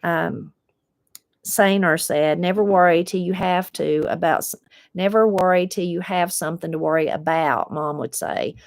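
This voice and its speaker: Low-voiced folksy Appalachian woman. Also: no echo, clean studio sound. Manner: unhurried, folksy, reflective. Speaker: host reading viewer comments. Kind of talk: casual chat.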